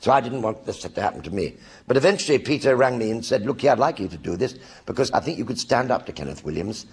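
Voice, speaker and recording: Here the older actor's mid-range voice is expressive and fast, with vocal fry and a breathy edge. He recounts anecdotes to a live audience in his one-man show, voicing other characters as he goes.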